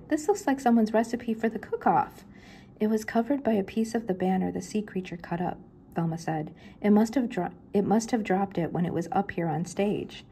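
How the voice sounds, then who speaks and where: A woman's voice: medium pitch, warm tone, a little hiss or hum. An older woman, a grandmother, reading a children's mystery book aloud and lifting her voice for the characters' lines.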